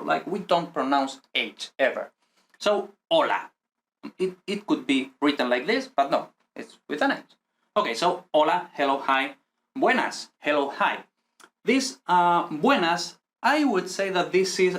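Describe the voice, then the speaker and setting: A man's voice: on the high side, fairly bright tone. Spanish-accented man teaching, hedging. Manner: hedging, ends phrases with a questioning "no?". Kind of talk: casual screen-share language lesson.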